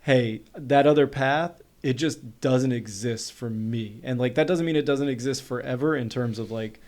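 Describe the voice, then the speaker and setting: A man in his thirties from North Carolina, a podcast guest telling a story in casual conversation. He speaks quickly and animatedly, with plenty of "like" fillers, and his voice sits at a middle pitch. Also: darkish tone.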